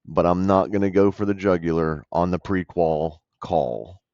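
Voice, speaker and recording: A man's voice: deep voice, fairly even intonation, moderate pace, a little mellow, dry recording. A man from the American South, blunt and conversational, coaching viewers through a phone call he made. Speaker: real estate investor explaining a deal. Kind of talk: casual commentary over a call recording. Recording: dull dry voice-over.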